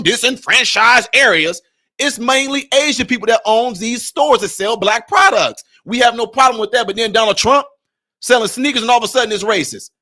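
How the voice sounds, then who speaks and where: A man's voice: very high-pitched, pushed and bright. A man giving emphatic, conversational commentary in a vlog, speaking directly to his viewers.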